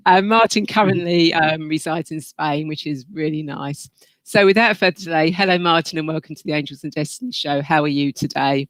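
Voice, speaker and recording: Male podcast host, bright and fairly high voice, dry close sound, eager scripted intro. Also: steady tone, a little fast, no room sound. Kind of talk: upbeat show introduction.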